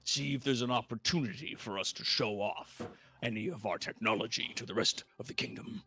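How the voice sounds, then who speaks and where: A man voicing a warm, kindly old male mechanic who runs a parts shop, speaking in a measured, approving way. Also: fairly low pitch, faint music behind.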